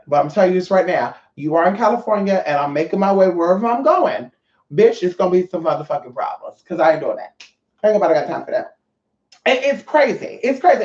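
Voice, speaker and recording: A woman vlogger talking to her viewers in a brash, profane, rambling rant. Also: mid-range voice. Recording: roomy, dull lo-fi sound.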